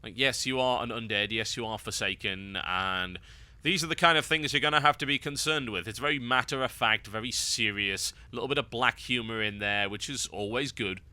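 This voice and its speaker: Wry man with bright voice. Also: medium pitch, brisk, clear, resonant tone, no room sound. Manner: wry, sarcastic. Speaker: game guide host. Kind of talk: gameplay commentary.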